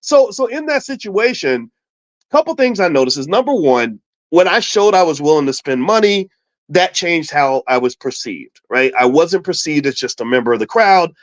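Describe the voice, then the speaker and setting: Male host from Kentucky, casual money talk, animated delivery, close dry mic. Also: a little high, normal speed, no room sound. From Louisville, Kentucky. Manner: animated, repeats words and restarts, acts out quotes. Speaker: finance show host. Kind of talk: casual storytelling with money advice. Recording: dull, slightly lo-fi dry sound.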